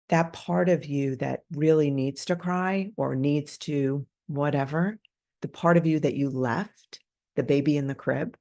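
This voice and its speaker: A woman's voice: low voice, creaky, darkish tone. A woman talking candidly and informally on a podcast, in a loose, unpolished monologue with restarts. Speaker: podcast guest speaker.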